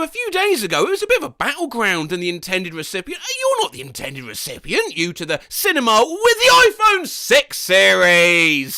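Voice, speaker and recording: A man reading out nonsense phone autocomplete sentences for comedy, in a theatrical voice with sudden shouts and bewildered asides. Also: high voice, no room sound, clean studio sound. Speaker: comedy video creator.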